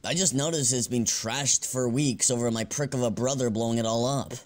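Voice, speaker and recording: A man voicing a hot-tempered young scientist who swears a lot and swings between anger and self-pity in an animated comedy. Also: medium pitch, fairly quick, lightly acted. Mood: frustrated. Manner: swears a lot, flips between rage and sulking. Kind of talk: amateur animated comedy voice acting.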